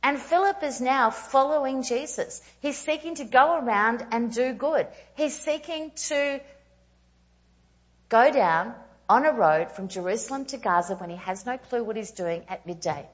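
A woman in her thirties preaching a storytelling sermon, animated and self-mocking with quick asides. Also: a little high, highs cut off. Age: 30s.

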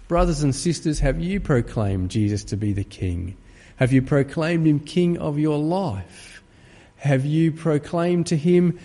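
A pastor preaching a sermon to an empty church, rising to fervent, pleading peaks. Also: male voice, mid-range voice, animated, measured pace, dark tone. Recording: long reverb of an empty church.

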